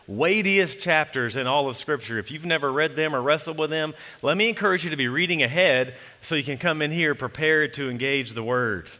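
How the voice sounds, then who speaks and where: Earnest pastor preaching in a reverberant church. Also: male voice, mid-range voice, bright, forceful tone. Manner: earnest, emphatic preaching with slow solemn scripture reading. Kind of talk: sermon. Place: church sanctuary.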